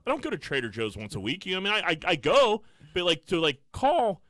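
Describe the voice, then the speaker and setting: A man co-hosting a casual podcast, telling a story with lots of swearing and jumping up high when he quotes himself in disbelief. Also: wildly swooping pitch, quick pace, a bit bright, no room sound, clean studio sound. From Pittsburgh area. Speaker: podcast co-host.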